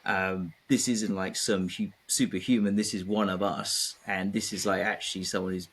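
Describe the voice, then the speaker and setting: A man's voice: low voice, fairly even intonation, moderate pace, fairly bright tone. A man from England, a guest in a casual conversation, speaking reflectively with frequent fillers. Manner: reflective, many fillers and hesitations.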